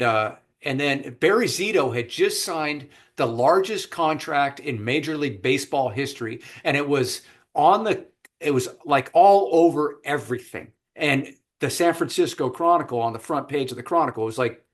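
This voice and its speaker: A man's voice: mid-range voice, normal speed. A man hosting a podcast, telling an anecdote in a casual chat over a remote call and putting on voices for the people in it. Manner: animated anecdote teller with quoted voices. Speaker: podcast host.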